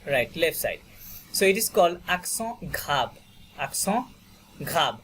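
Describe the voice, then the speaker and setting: A man from Bangladesh, unhurried and sing-song, teaches French online with a fairly high, somewhat bright voice. A little hiss or hum runs through the video call as he patiently repeats words for his students, leaning on "okay" and "you know."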